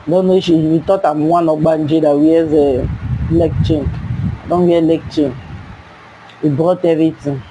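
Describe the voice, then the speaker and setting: A young woman with a Nigerian accent tells a personal story in a casual, lively way. Her voice jumps up high when she acts out her younger self. Faint background noise sits behind her. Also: moderate pace, long pauses, low-quality recording.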